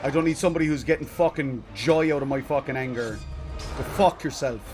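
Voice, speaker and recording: A man's voice: medium pitch, a little fast. A man streaming a game live, ranting in exasperation and swearing at his chat. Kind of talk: live let's play commentary. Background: game music.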